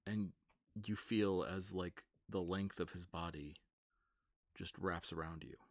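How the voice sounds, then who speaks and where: A man running a tabletop game on a livestream, rattling off rules quickly and slowing down for dramatic narration. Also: sits low, no echo, studio quality. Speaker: game master.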